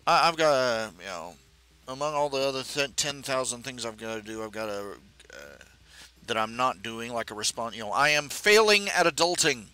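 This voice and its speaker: A middle-aged man hosting a live stream, talking casually and haltingly with many fillers and restarts. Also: medium pitch, lively intonation, pushed and bright, clean tone, no echo.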